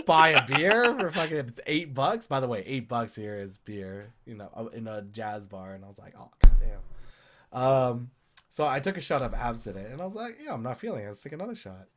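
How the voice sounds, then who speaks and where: A young man from Canada telling a rambling drinking story in casual chat, swearing and acting out what he said. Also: mid-range voice. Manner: animated, swearing, telling a drunk story with voiced quotes. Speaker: podcast co-host.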